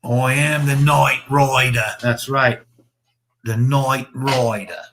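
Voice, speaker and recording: A man voicing a gruff male movie road-gang villain in a slow, drawn-out mock Australian accent. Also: medium pitch, steady tone, a bit bright, a little hiss or hum. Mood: mock bravado.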